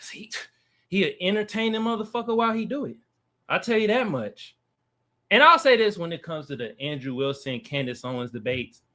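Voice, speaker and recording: Man, panel commentator, loud, profane, joking, higher voice, animated. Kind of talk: casual panel chat.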